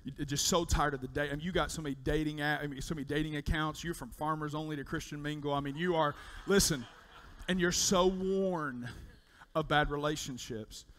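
Man, pastor, sermon, high voice, bright and forceful, animated storytelling. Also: a little fast, a little hiss or hum. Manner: animated storytelling preacher, repeats words when excited. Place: church sanctuary.

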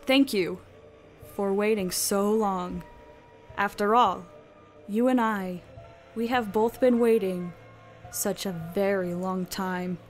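A woman reading messages aloud as an eerie, mysterious entity in a slow, hushed, drawn-out spooky voice. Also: mid-range voice, faint music behind, close to an everyday voice. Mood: ominous. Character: eerie mysterious online entity, calm and ominous.

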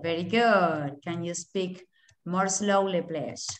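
A woman's voice: lowish voice, slow pace, a little hiss or hum. Woman, patient teacher running an online class, lots of praise. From Argentina. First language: Spanish. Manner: encouraging, repeats and praises answers, mixes in Spanish. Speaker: English teacher.

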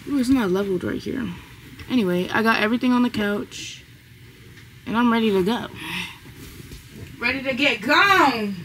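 A woman's voice: fairly high pitch, animated, normal speed, long pauses, a bit bright, a little hiss or hum. Young woman vlogger from Virginia, early twenties, casual chatty delivery that keeps talking straight to her viewers. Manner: chatty, addresses viewers as y'all. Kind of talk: casual vlog chat to camera.

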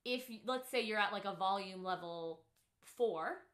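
A woman's voice: mid-range voice, a little slow, a bit bright. Upbeat piano teacher woman, roomy sound. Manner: patient, upbeat, explains step by step with many "like"s. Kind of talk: one-on-one lesson.

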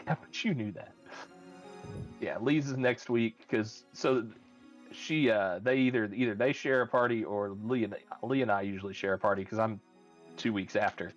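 A man runs a tabletop game as game master, his narration halting and full of restarts. His voice sits at a middle pitch. The recording is a bit muffled, with faint music under it. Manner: halting, many fillers and restarts.

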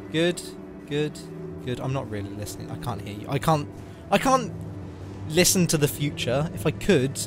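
A young man talking casually and swearing while playing a game, joking and rambling. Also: medium pitch. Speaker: let's play host. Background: game music.

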